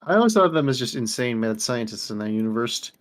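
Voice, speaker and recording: A woman guest with a scraggly, rough voice, chatting in a laid-back way and chuckling often. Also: extremely low pitch, sing-song, fast. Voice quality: scraggly, rough voice that sounds sick. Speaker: guest streamer. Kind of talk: casual stream chat.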